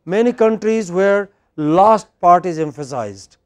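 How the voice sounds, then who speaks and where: Slow deliberate guy teaching english stress, fairly high voice, quizzes the class. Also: lively intonation, a little mellow, smooth, dry recording. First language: Indian language. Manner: slow, deliberate, drills students with prompts. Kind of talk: classroom lecture. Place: university classroom.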